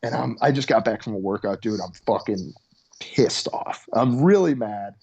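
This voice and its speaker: A man's voice: lowish voice, moderate pace, darkish tone, slightly rough, highs cut off. A young adult male comedian telling a story in casual chat over a video call, in an intense, profane way. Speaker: comedian guest.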